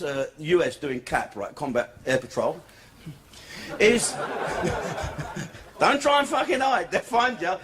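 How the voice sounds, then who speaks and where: Foul-mouthed comedian, lively pitch. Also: male voice. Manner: crude, profane, swearing constantly. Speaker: stand-up comedian. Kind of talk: stand-up comedy set. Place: comedy club. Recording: noisy club recording.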